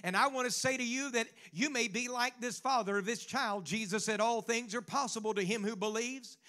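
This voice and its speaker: A man's voice: extremely high pitch, a little fast, sharp tone. A man preaching a sermon as pastor, quoting scripture and building to fervent exhortation.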